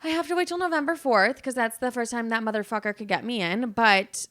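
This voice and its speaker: A woman's voice: fairly high pitch, fairly quick, fairly bright tone. A young woman hosting her own podcast, talking candidly in a casual solo monologue, rambling with lots of fillers and frequent swearing. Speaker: podcast host.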